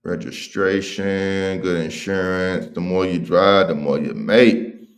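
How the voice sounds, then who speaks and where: A man's voice: deep voice, takes it slowly. A man hosting a casual livestream, talking in slang and reading viewer comments aloud. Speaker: livestream host.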